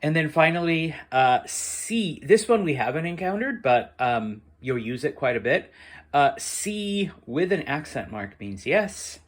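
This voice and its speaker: A man teaching a Spanish lesson to students, halting with many fillers and often checking in with "okay?". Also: fairly high pitch, sing-song. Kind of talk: classroom lesson explaining to students.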